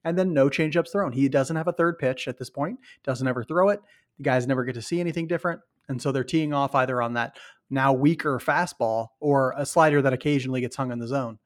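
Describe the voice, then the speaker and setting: A man's voice: mid-range voice, brisk. A man co-hosting a casual sports podcast, breaking down stats and reading a sponsor spot. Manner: analytical, reads ad copy and stats. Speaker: podcast co-host.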